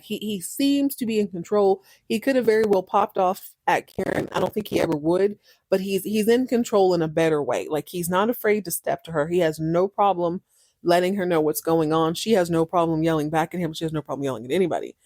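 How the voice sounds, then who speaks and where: A woman's voice: lowish voice, no echo, clean studio sound. Chatty woman recapping a TV show. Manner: chatty, animated, repeats herself for emphasis. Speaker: podcast host. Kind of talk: casual TV recap.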